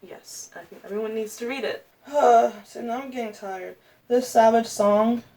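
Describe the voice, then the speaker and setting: A woman's voice: a little high, moderate pace, mellow, distant mic. A young woman ranking books in a casual vlog, chatty and gushing, with lots of fillers and restarts. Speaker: booktuber.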